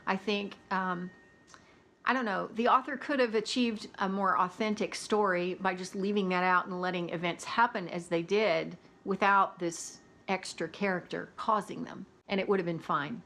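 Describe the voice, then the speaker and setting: Woman, casual book review chat, opinionated, chatty, laughs often, middle pitch. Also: fairly even intonation, normal speed, fairly bright tone.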